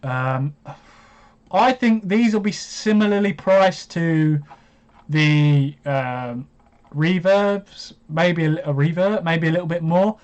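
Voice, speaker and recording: A man hosting a live watch-along stream, chatty and hesitant, breaking into excited reactions as he comments. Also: fairly high pitch, takes it slowly, highs cut off.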